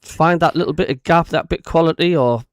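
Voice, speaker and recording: A man's voice: on the high side, fairly quick, no echo, clean studio sound. A man hosting a casual football watchalong, putting questions to the panel.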